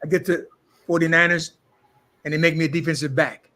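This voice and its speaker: This former football player and actor, now older, brags his way through interview stories, mimicking others' words as he goes. He speaks fairly quickly in a slightly high, bright, forceful voice with fairly even intonation.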